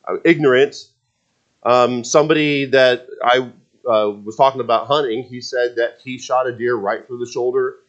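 A man in his forties telling a casual personal story, rambling with many restarts and fillers. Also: mid-range voice. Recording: dull lo-fi sound.

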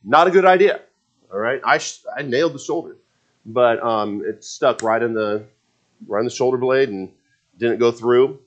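A man's voice: mid-range voice, moderate pace. A man in his forties telling a casual personal story, rambling with many restarts and fillers. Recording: dull lo-fi sound.

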